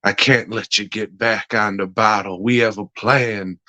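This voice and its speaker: A man's voice: on the low side, steady tone, unhurried, bright, forceful tone, no room sound. A man voicing a worried middle-aged man who urgently pleads with a friend. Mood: pleading.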